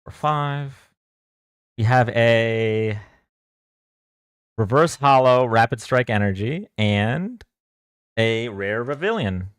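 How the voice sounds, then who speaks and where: A man's voice: mid-range voice, expressive, takes it slowly, pauses often, smooth, no echo, clean studio sound. A man streaming live, opening trading card packs, counting cards aloud and joking about himself with his chat. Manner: jokey, counts cards aloud, self-deprecating.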